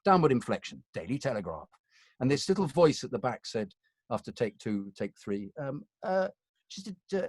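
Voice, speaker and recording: A man's voice: mid-range voice, big pitch swings, a little fast, darkish tone, no echo, studio quality. A middle-aged British man, a voiceover artist, telling chatty, self-mocking anecdotes and acting out the lines he quotes. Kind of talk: conversational anecdotes.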